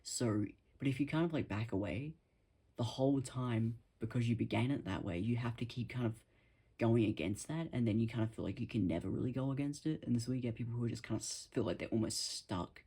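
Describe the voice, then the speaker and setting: A man talking casually to his camera at home, rambling and self-deprecating, in a musing, soft-spoken way. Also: medium pitch, fast talker, slightly rough. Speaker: vlogger.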